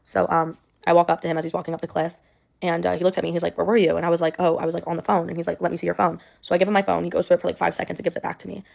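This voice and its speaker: A woman's voice: lowish voice, little pitch movement, racing, gravelly, a little mellow. A young woman telling a personal story in a rambling way, full of "like" and "um". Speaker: storyteller in a clip.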